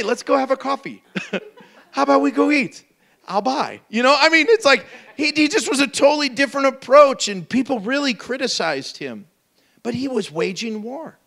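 A man pastor preaching a lively sermon, acting out voices and joking as he goes. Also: sits high. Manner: animated preaching, acts out voices for humor.

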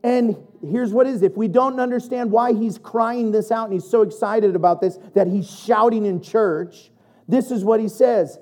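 Animated preacher with a mellow voice. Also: medium pitch, unhurried. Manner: animated, laughs often, builds to loud emphatic delivery; chatty asides to the congregation. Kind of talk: sermon.

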